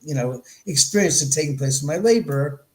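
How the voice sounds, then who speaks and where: Animated man telling a ghost story. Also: on the high side, a little fast. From Los Angeles. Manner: animated, acts out quoted dialogue. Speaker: podcast guest. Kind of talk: storytelling in an interview. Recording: echoey room.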